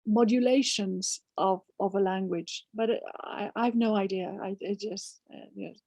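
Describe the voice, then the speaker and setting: A woman's voice: mid-range voice, fairly even intonation, normal speed, dark tone, no room sound. An older woman author from Spain, answering audience questions emphatically with rhetorical questions and frequent restarts. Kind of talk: conversational Q&A.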